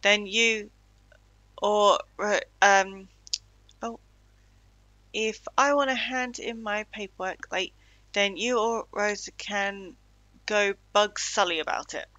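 A woman voicing a jittery male monster who puffs himself up as the star talent. The voice is bright and unhurried. This is read-along video game dialogue. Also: medium pitch, no echo, highs cut off. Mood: indignant. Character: anxious male one-eyed monster, self-styled talent. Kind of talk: reading game dialogue aloud.

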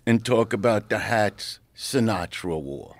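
With a fairly low voice at a measured pace, a middle-aged man appears as a guest comedian on a podcast, sharing a rowdy showbiz tale in loose conversation. He swears, gets animated, and does voices for the characters; the studio audio has no echo.

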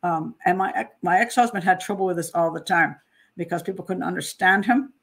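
A woman's voice: fairly low pitch, a little fast, gravelly, fairly bright tone. A woman in her sixties from New Jersey, a criminal profiler hosting her channel and talking casually about a case in a chatty, self-deprecating way. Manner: chatty, self-deprecating, with frequent laughs and restarts. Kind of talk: casual monologue on a true-crime case.

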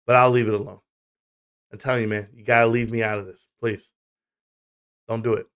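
A man's voice: mid-range voice, level tone, fast talker, fairly bright tone, smooth. A man hosting a casual livestream chat, rambling, swearing and laughing through stories, from the United States. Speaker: livestream host.

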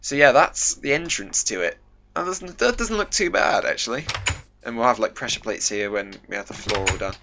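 A young British man talking through a building game, chatty and self-mocking with jokey asides. His voice is bright and forward. Faint keyboard clicks sit behind him. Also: mid-range voice, expressive, normal speed, a little hiss or hum. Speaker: gaming video host. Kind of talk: casual let's-play commentary.

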